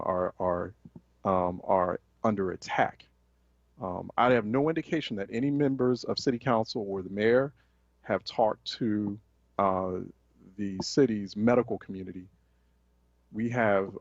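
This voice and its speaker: Indignant man on talk radio, gravelly. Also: on the low side, dry recording, lo-fi sound. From Philadelphia. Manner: impassioned, indignant, with many fillers and restarts. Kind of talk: radio commentary.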